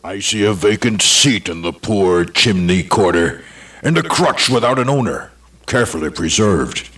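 An actor playing the Ghost of Christmas Present, a stern, jovial spirit, in a radio drama with a gravelly voice. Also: male voice, lowish voice, lively intonation, normal speed, a bit bright. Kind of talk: 1980s radio drama acting.

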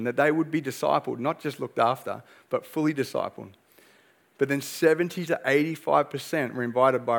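Man, young pastor, emphatic sermon, rhetorical questions, slightly high voice.

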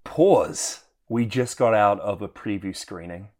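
A man's voice: on the low side, normal speed, darkish tone. A man gushing enthusiastically about a film in a comedic review chat.

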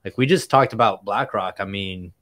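Brief: man host, low pitch, dry close mic, relaxed recaps. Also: normal speed, no echo. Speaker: podcast host. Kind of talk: casual chat.

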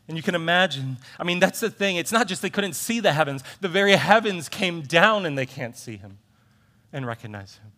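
Guy preaching a sermon, kinda high and bright voice, keeps repeating lines for punch, chats with the crowd. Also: brisk. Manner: animated, repeats phrases for emphasis; conversational asides to the congregation. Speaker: pastor.

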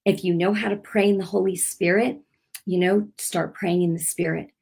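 A woman's voice: on the low side, fairly even intonation, moderate pace, gravelly, a little mellow, husky. A woman giving an informal, earnest sermon without notes. She talks conversationally and often restarts her sentences. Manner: unscripted, speaking without notes. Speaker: preacher.

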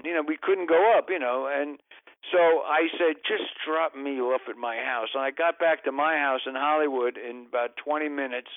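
A man's voice: on the high side, moderate pace, dry recording, phone-quality sound. An older man, a comedian, telling a long rambling story as a radio interview guest, breaking off mid-sentence and throwing in exasperated asides.

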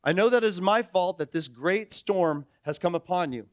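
A man's voice: high voice, lively intonation, normal speed, no echo, clean studio sound. A man voicing Jonah as a guilt-ridden prophet who confesses his fault, in a sermon. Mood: resigned. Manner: resigned confession.

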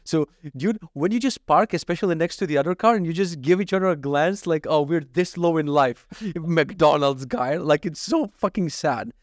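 A man's voice: on the high side, lively intonation, moderate pace, hardly any pauses, no echo, clean studio sound. A man in his thirties telling stories in a casual chat, laughing and swearing, going off on tangents. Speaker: vlogger.

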